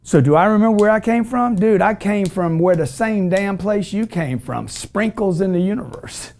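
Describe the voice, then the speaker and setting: A man's voice: sits high, lively intonation, moderate pace, creaky, darkish tone. A middle-aged man hosting a call-in show, preaching about money in a brash, emphatic, repetitive way. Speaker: show host. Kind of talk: motivational call-in show talk.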